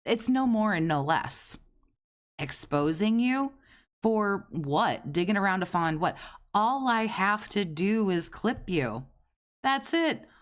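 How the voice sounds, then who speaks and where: A man's voice: high-pitched, fairly bright tone. A man hosting a reaction commentary, sarcastic and profane as he mocks a streamer. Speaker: commentary host.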